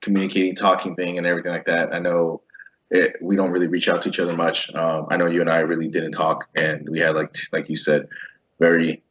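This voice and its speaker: A man hosting a casual veterans' interview, swearing freely and telling stories in an animated way. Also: sits low, brisk, highs cut off. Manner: profane, animated storytelling. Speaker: host.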